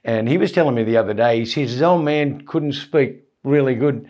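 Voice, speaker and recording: Brief: older man in his 70s, Aussie accent, rambling jokey storyteller, mid-pitched. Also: a little fast, a little mellow. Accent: Australian. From England, raised in Australia. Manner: rambling, jokey, laughs often, drops into mimicked accents. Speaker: guest comedian. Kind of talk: casual interview chat.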